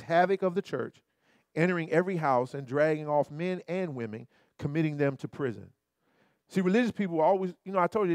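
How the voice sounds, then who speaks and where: A man pastor preaching a sermon in an animated, colloquial way, turning often to his listeners with repeated asides. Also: a little high, no room sound, clean studio sound.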